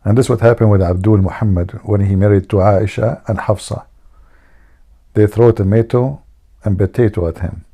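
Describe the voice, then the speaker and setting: A man's voice: lowish voice, steady tone, normal speed, warm tone. A man hosting a live stream, teasing his viewers and telling jokes in a mocking way. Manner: mocking, teasing, jokey asides.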